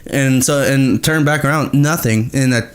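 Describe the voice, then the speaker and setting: A man's voice: mid-range voice, moderate pace. A man telling a paranormal story in casual podcast chat, swearing constantly and acting out the sounds he heard.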